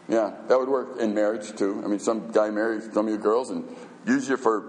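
A man's voice: lowish voice, fairly even intonation, fast talker, darkish tone, a little hiss or hum. A man preaching a sermon as a pastor, emphatic and conversational, firing off rhetorical questions. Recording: echoey hall reverb.

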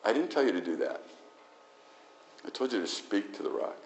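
A man voicing a stern, quiet God. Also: lowish voice, sing-song, normal speed, slight background noise. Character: stern male God correcting a leader.

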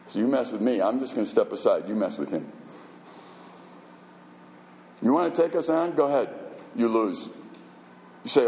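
Male pastor, conversational but emphatic sermon voice, mid-range pitch, live church reverb. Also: big pitch swings, normal speed, long pauses. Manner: emphatic and conversational, firing rhetorical questions. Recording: echoey hall reverb.

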